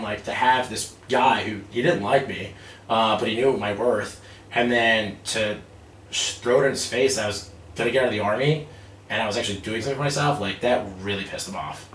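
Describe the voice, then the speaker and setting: A man's voice: mid-range voice, fairly quick, fairly bright tone. A man in his thirties, a podcast guest, telling stories casually with lots of fillers and laughter. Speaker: guest, real estate developer. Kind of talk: casual storytelling. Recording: echoey room, distant mic, faint noise.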